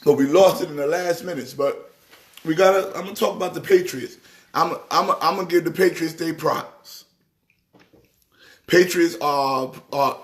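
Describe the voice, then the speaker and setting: A middle-aged man from New York hosting a casual live stream, talking sports in an animated, teasing way and breaking into preacher-like exhortation. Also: on the high side.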